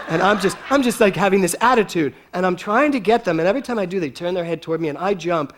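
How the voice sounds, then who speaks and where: Lively, laughing male preacher telling stories. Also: sits high, fast, a little hiss or hum. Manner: animated, laughing storyteller. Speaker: speaker at a spiritual center. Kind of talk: storytelling sermon to a congregation.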